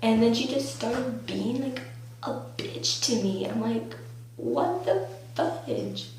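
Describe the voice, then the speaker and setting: Young woman, teens, storytime vlog, rambling and excitable, very echoey room. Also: a little high, measured pace. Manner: rambling, filler-heavy, bursts of excitement. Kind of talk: storytime vlog, casual chat. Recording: very echoey room, faint hum.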